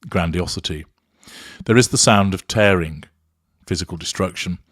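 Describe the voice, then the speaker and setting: A man with a very deep voice delivers measured, clinical commentary, breaking down a recording point by point with deliberate emphasis. The sound is close and dry, with no room around it. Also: a bit bright, slightly rough, no echo. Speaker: narcissism commentator.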